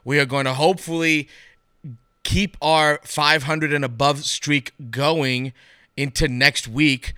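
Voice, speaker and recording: A man co-hosting a podcast in casual sports chat, animated and acting out what coaches say. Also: fairly high pitch, takes it slowly, smooth, no room sound, studio quality. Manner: animated, acts out quoted coaches. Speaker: podcast co-host.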